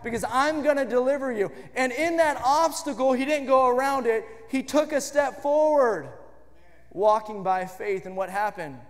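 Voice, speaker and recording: Guy with a really high voice preaching, emphatic, builds to shouting, long echo of a church sanctuary. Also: unhurried. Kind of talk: sermon. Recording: long reverb of a church hall.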